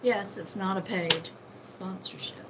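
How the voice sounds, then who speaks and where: A woman's voice: medium pitch, a little slow, heavy background noise. A woman psychic medium giving casual card readings to viewers on a live stream, chatty and calling people sweetheart and darling.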